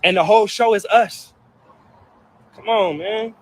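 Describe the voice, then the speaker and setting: A man's voice: high-pitched, unhurried. A man vlogging, hurt and upset, venting about family in heated, profane outbursts that keep circling back. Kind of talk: emotional personal venting to camera.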